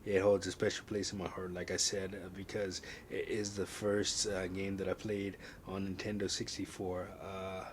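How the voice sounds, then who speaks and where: A man's voice: low-pitched, flat delivery, normal speed, hardly any pauses, a little hiss or hum. A man hosting a casual retro video game review, talking in a loose, rambling way with lots of fillers and restarts.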